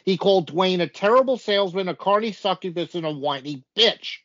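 A man's voice: sits high, animated, brisk, fairly bright tone. A man co-hosting a casual wrestling chat, recapping events in a rambling way with lots of fillers. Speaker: podcast co-host. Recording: dull lo-fi audio.

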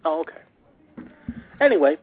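Husky-voiced man on a tinny line. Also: on the high side, sing-song, measured pace. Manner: rambling, self-correcting, joking asides. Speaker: podcast co-host. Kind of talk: casual chat.

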